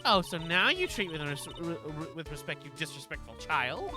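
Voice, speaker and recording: A streamer voicing a nosy, loud elderly woman who scolds young people, over game music. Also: mid-range voice, very animated, lightly acted. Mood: scolding. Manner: loud, scolding, talks fast. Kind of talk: voice acting a video game live.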